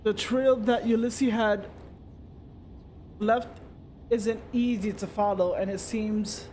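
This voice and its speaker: A man reading the narration of a story game aloud, steady, with small slips and restarts. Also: sits high, slow pace, slight background noise. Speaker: streamer.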